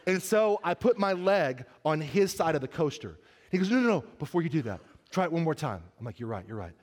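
A man's voice: fairly high pitch, very animated, fairly quick. Man preaching a comic sermon in a hall. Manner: storytelling with comic asides, then earnest and soft. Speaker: pastor.

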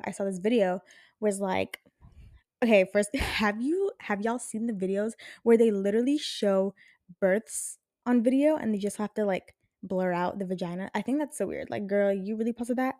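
Young woman podcaster, rambly and swears a lot, mellow tone, dry close sound. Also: medium pitch, dry recording. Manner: rambling, frank and profane, animated. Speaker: podcast host. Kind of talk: casual chat.

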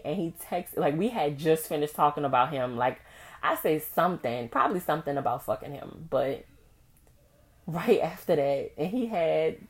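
A young woman hosting a podcast, telling a personal story in a candid, profane, animated way with frequent laughs. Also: deep voice. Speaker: podcast host.

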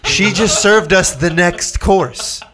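A young man telling a story in casual chat, excitable, swearing often and laughing as he talks. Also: sits high, takes it slowly, a crowd in the background.

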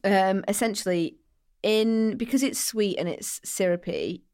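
A woman's voice: mid-range voice, unhurried. A woman from England, co-hosting a podcast and telling stories in casual chat, acting out what people said. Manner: animated storyteller, acts out quoted voices. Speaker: podcast co-host.

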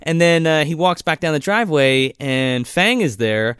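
A man's voice: fairly high pitch, moderate pace, clear, resonant tone, no echo, clean studio sound. A man casually recapping a movie plot, swearing freely and acting out lines from the film. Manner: profane, animated retelling with quoted character voices. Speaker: podcast co-host.

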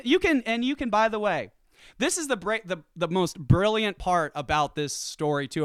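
A man from the Southern United States, a comedian and podcast host, ranting in a profane stand-up style that swings between loud outbursts and low asides. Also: smooth, no echo, studio quality.

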